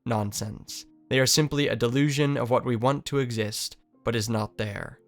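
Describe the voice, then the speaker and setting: A man narrating scripted literary analysis in a measured, reflective way. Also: medium pitch, soft background music. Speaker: video essayist.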